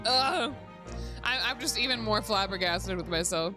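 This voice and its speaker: A woman's voice: medium pitch, moderate pace. A woman streamer chatting casually while playing, laughing often and swearing freely. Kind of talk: casual game-stream chat. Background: background music.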